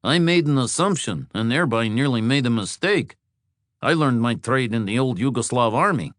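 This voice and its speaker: A man voicing a friendly, energetic male mechanic who talks with light, helpful concern. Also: fairly low pitch, unhurried, no room sound, studio quality.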